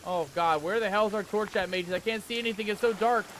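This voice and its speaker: A man's voice: high-pitched, fast talker, fairly bright tone, a little hiss or hum. A man hosting a let's play, talking to viewers as "mateys" with pirate slang and breaking into panicky yelps when scared. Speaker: gaming channel host.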